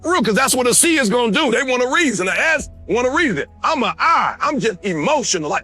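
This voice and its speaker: A man giving a motivational speech on a conference stage, talking emphatically and swinging from quiet, confiding talk to shouting. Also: extremely high pitch, sing-song, fast talker, few pauses, husky, soft background music. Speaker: motivational speaker. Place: conference stage before an audience.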